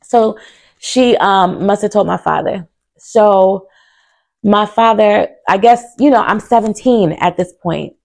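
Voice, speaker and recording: A woman's voice: mid-range voice, unhurried, creaky, darkish tone. A young woman vlogger telling a personal story to camera in a casual, earnest way, full of fillers and, at times, close to tears. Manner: earnest and candid, with many fillers.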